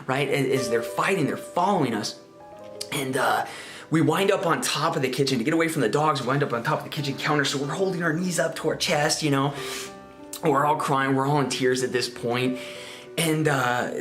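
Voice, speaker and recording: A man's voice: mid-range voice, a bit bright. A man in his twenties from Spokane telling a childhood story in casual, rambling speech, repeating words and asking "right?" as he goes. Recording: roomy, faint guitar music.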